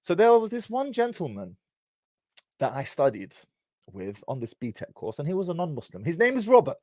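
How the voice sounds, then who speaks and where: Brief: English man, 30s, lively swooping delivery, teasing street slang, fairly high voice, dry close mic. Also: fairly quick, no echo. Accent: British, English. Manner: animated, teasing, heavy on slang. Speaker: vlogger. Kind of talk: casual storytelling monologue.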